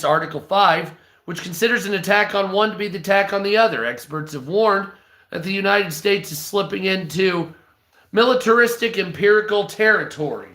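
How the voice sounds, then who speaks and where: A man's voice: on the high side, pushed and bright, reverberant. A stoned man reading news aloud on a live stream, breaking off into profane, hostile, sarcastic rants.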